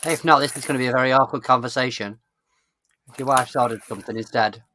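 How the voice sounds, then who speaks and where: Man, casual banter, teasing, bright voice. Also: medium pitch, fast talker, slight background noise. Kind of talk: casual chat.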